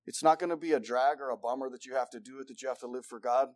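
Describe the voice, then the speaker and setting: A man preaching a sermon, swinging from loud excited bursts to hushed low passages and acting out voices as he reads and explains scripture. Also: rapid-fire. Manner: acts out voices of God and believers.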